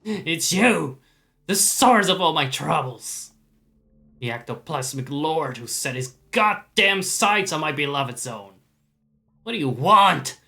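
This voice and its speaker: Raspy enraged game guardian, yelling, bright edge. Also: male voice, mid-range voice, fairly even intonation, a little slow. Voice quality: raspy, strained shouting. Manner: yelling threats, hurling insults. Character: furious raspy male zone guardian, territorial and shouting. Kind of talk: reading game dialogue aloud.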